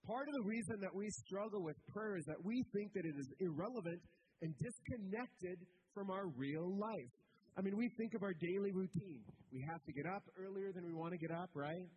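A male pastor giving a relaxed, conversational sermon with touches of humor, often checking in with the congregation. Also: high voice, fairly quick, a little hiss or hum, low-quality recording. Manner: informal, humorous, asks the congregation "right?".

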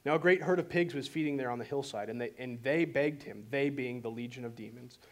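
A man preaching a sermon and telling the story in an animated way. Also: medium pitch, a little fast. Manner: animated storytelling, voices quotes dramatically. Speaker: pastor.

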